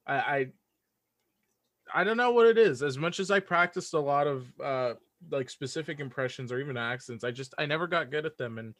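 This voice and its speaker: A man's voice: on the high side, fairly quick, fairly bright tone, dry recording, clean studio sound. A man guest on a podcast talking in casual chat, hesitant with lots of restarts. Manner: hesitant, many restarts and fillers. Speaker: guest, audio drama writer.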